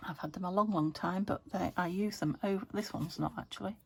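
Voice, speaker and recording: A husky, slightly mellow voice with vocal fry, fairly low in pitch and a little quick, belongs to a British junk journal crafter from the UK. In her casual vlog she chats and rambles, trailing off into murmurs while she crafts.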